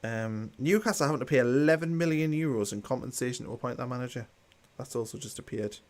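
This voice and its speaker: A man's voice: mid-range voice, fast talker, darkish tone. A man hosting a live football watchalong, chatting casually and reading out viewer comments with a dry, mildly sarcastic tone. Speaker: watchalong host.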